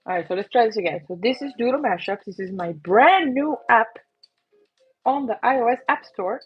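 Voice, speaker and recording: A woman's voice: fairly high pitch, lively intonation, moderate pace, husky, dull audio, faint music behind. A woman hosting a casual livestream, chatty and self-mocking as she talks through an itchy, coughing throat. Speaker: livestream host and app creator.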